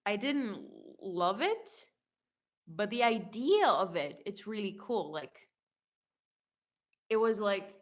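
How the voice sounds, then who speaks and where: A young woman in a casual Q&A video, reading viewer comments aloud and answering them in a chatty, rambling way, full of "like" and quick self-corrections. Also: medium pitch, expressive. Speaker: YouTube singer answering fan questions.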